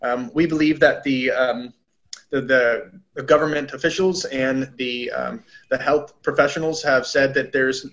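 A man speaking as a pastor in a casual church discussion, earnest and halting with many restarts. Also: mid-range voice, steady tone, fairly bright tone, lo-fi sound.

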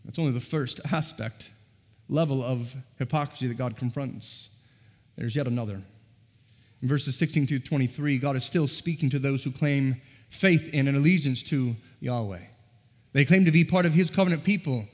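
Earnest preacher in a reverberant church. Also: male voice, medium pitch, normal speed, a little mellow. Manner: earnest, presses listeners with rhetorical questions. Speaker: pastor. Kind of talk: sermon. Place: church sanctuary. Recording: long reverb of a large church hall.

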